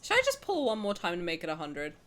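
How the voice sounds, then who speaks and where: Excitable, dramatic young woman streamer. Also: lowish voice, fast, noisy background. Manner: excitable, dramatic outbursts, swearing, laughing. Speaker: game streamer. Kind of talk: live stream chat with viewers.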